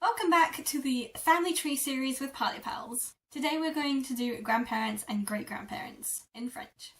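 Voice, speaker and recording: A woman teaching French vocabulary in a lesson video, repeating words slowly syllable by syllable. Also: sits high, a bit bright, recorded from a distance. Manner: slow, drawn-out repetition of words. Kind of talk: language lesson.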